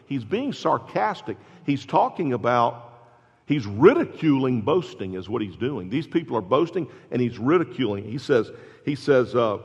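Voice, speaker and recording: A pastor preaching a sermon, building to loud, emphatic exclamations. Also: male voice, mid-range voice, husky. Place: church sanctuary. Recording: dull sound with long hall reverb.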